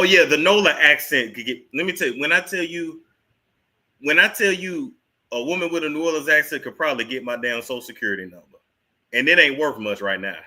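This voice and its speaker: A man's voice: mid-range voice, bright, forceful tone. A man hosting casual gossip commentary, chatting to his viewers and laughing often. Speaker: celebrity gossip host.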